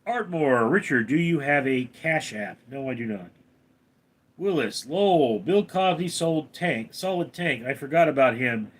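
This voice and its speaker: A man's voice: medium pitch, expressive, measured pace. A man hosting a casual live stream, reading out viewer names and comments and answering them briefly. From Los Angeles, California. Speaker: livestream host reading chat.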